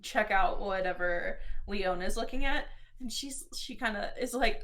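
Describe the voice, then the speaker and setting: A woman player describing her character, giggly and animated. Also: mid-range voice, measured pace. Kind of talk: tabletop role-play.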